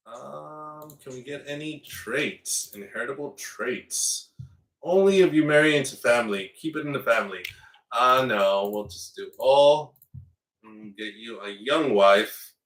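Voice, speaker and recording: A man's voice: medium pitch, a bit bright, far from the mic. A man hosting a strategy game playthrough in casual commentary, slipping into playful mock outrage as his ruler. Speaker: let's play host. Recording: roomy echo, away from the mic.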